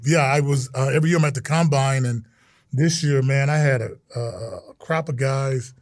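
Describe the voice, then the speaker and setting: Man, middle-aged, from Texas, animated storyteller, acts out quotes, dry close sound. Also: medium pitch, normal speed, dry recording. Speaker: guest, retired football player. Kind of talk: storytelling in casual chat.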